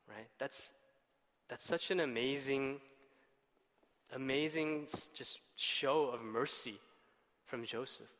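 A man's voice: medium pitch, slow, pauses often, fairly bright tone. A man preaching casually, retelling a Bible story with rhetorical questions and light laughter. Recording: long hall reverb.

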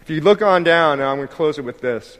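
High-voiced preaching man in a hall. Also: quick pace. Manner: lively, acts out voices, builds to shouted praise. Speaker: pastor. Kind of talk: sermon. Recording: hall reverb.

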